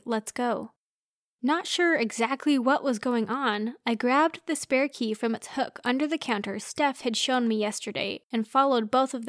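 A woman reads a first-person story aloud with earnest expression. Her voice sits fairly high, and the recording is dry and close. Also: no room sound. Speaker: narrator.

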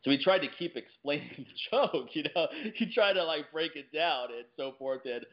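A man co-hosting a podcast, telling anecdotes in a casual, animated way. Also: fairly high pitch, moderate pace, highs cut off. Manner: animated anecdote teller, acts out quotes. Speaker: podcast co-host. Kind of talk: casual podcast chat, storytelling.

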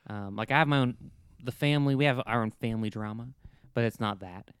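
An easygoing, enthusiastic man talking through a film on a casual podcast. His voice is smooth and clear, recorded close and dry. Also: mid-range voice, fast talker, no echo. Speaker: podcast co-host.

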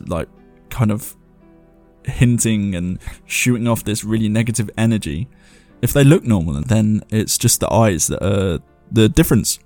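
Reading viewer ghost stories aloud between loose chat, a show host laughs at himself as he goes. He speaks in a lowish, slightly mellow voice, in a casual commentary-and-reading style.

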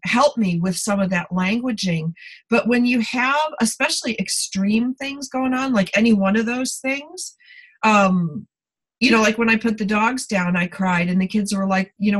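A woman's voice: mid-range voice, moderate pace, rough recording. A middle-aged woman in casual conversation, telling personal stories candidly in a confiding way. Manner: candid storytelling, warm confiding tone.

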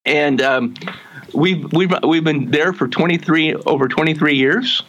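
A man, a guest in an interview, telling his life story earnestly and haltingly, with frequent restarts and slowing down to stress his message. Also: a little high, fairly bright tone, low-quality recording.

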